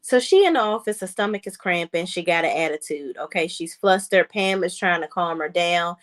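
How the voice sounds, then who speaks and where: A woman's voice: fairly low pitch, moderate pace. Sassy woman recapping a TV episode. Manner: sassy, animated, talks straight to viewers. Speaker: reality TV reviewer. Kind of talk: casual recap chat.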